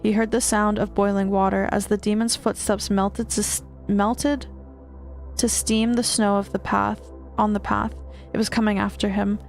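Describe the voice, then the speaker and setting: A woman streamer reading a horror book aloud, steady with small stumbles and restarts. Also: medium pitch, moderate pace, soft background music.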